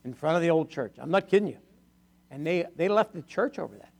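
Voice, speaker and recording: An older pastor with a gravelly, somewhat high voice tells stories from the pulpit. He talks in a loose, chatty way, laughs often and slips into the voices of the people he quotes. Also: animated, fast talker, darkish tone. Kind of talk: storytelling sermon testimony.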